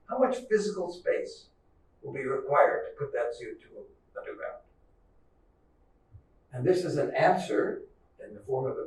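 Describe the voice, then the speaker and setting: A man's voice: fairly high pitch, darkish tone, slight background noise. An older man giving a conversational seminar lecture in a lecture hall, talking through his slides. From United States. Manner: conversational, checks in with the audience. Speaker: guest lecturer.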